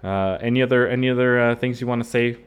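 A man's voice: mid-range voice, fairly even intonation, fast, clear, resonant tone. A man hosting a casual movie review chat, chiming in often and laughing easily. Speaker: podcast host.

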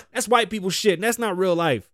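A middle-aged man hosting a podcast, ranting bluntly with constant cursing, swinging from loud outbursts to low mutters. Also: normal speed, no room sound, studio quality. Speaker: podcast host. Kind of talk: profane opinion rant.

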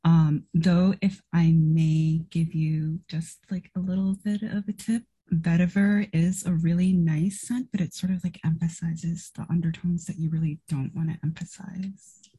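Effusive fashionista artist, played by a woman, very husky and dark. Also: fairly low pitch, steady tone, measured pace. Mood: gushing. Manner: gushing, effusive. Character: flamboyant fashion-loving artist with an eye for style.

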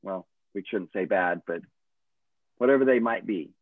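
A man's voice: low-pitched, moderate pace, dry recording. A man, a coach, giving earnest and encouraging advice in a casual chat. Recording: tinny phone-like line, dry.

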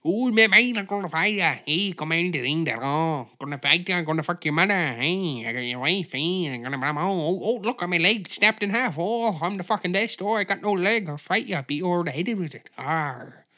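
A man putting on a trash-talking, loudmouthed male fighter, shouting threats. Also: high-pitched, expressive, brisk, few pauses, voice pushed up. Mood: brash. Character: cocky brawling male Irish fighter, loudmouthed.

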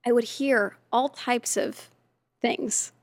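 A woman guest on a podcast, telling stories casually and lively, often slipping into quoted voices. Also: a little high, slow pace, dry recording. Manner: animated, lively storyteller who slips into quoted voices. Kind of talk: casual storytelling in conversation.

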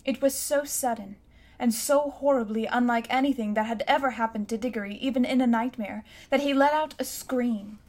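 A woman narrating a children's storybook in a calm, measured way. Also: fairly high pitch. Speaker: audiobook narrator. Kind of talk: scripted narration.

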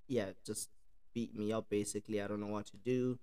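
A man's voice: on the low side, flat delivery, fairly quick, smooth. A young man with a mixed Irish and South African accent, chatting casually on a podcast and laughing often. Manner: laid-back, laughs often, says "eh?". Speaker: podcast co-host.

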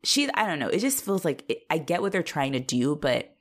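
Animated woman recapping a TV episode. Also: low voice, fairly quick. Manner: animated, swears freely, acts out characters' lines. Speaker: podcast co-host. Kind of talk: casual rewatch podcast chat.

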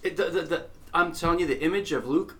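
A man's voice: a little high, fast, bright, forceful tone. A man co-hosting a casual podcast, ranting crudely about films and mocking fans. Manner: crude, ranting, mocks nerds in put-on voices. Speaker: podcast co-host. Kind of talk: casual profane chat.

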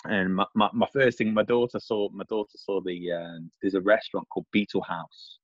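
A middle-aged English man with a very low voice and a dry, close sound that is a little dull and muffled. He rambles in casual chat, circling back and repeating himself with plenty of fillers. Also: fairly even intonation, fairly quick, no echo. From England. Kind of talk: casual chat over a call.

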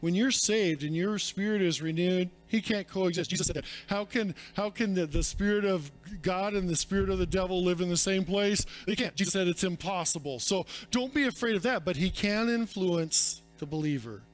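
A man's voice: high-pitched, normal speed, hardly any pauses, faint music behind. A male pastor preaching a sermon, emphatic and repetitive, calling his listeners friends.

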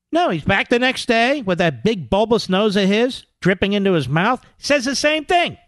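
A man hosting talk radio, combative and sarcastic, often slipping into mocking impressions of his critics. His voice sits high for a man and swings widely in pitch. The sound is dry and close, with no room around it. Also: big pitch swings, normal speed, few pauses, a bit bright, no room sound. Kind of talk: political talk radio monologue.

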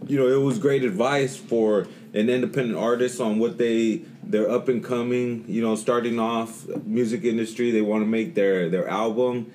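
A man's voice: medium pitch, fairly even intonation, normal speed, hardly any pauses, darkish tone, a little hiss or hum. A man co-hosting a podcast, talking in a rambling way with many fillers and restarts. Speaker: podcast co-host. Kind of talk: casual podcast chat.

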